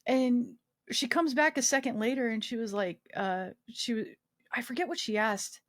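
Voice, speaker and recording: A woman sits for a casual interview and spins a personal story, slipping in and out of the voices of the people in it. Her voice sits slightly high for a woman. The recording is close and dry. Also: moderate pace, no room sound. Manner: animated storyteller acting out quoted dialogue, frequent swearing and laughs. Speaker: guest, army veteran.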